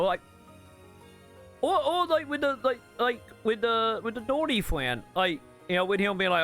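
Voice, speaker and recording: A man's voice: sits high, expressive, a little fast, a bit bright. Male gaming vlogger, casual rambling rant, blunt, faint music underneath. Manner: rambling, full of filler words and restarts; blunt, swears when exasperated. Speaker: gaming channel host. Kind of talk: casual rant about a game's story.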